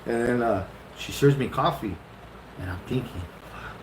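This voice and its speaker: Animated fifty-year-old man telling a story. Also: mid-range voice, normal speed. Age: 50s. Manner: animated storyteller, acts out his own reactions with a lot of swearing. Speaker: husband telling how the couple met. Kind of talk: casual storytelling. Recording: roomy echo with clear background noise.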